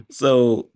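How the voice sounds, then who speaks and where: A man's voice: mid-range voice, creaky. A young man giving a casual spoken movie review, rambling, laughing often and sounding exasperated.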